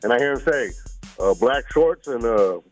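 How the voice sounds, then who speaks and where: A man calling into a radio show, telling a story in a slangy, animated way. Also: mid-range voice, normal speed, faint music behind. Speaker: caller. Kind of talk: casual phone-in story.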